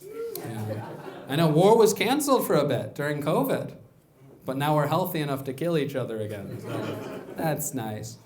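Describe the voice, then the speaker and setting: A man's voice: on the high side, wildly swooping pitch, normal speed, crowd noise. A man doing a stand-up comedy set on a club stage, rambling, self-mocking and profane. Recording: roomy club with audience laughter. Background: live audience laughing.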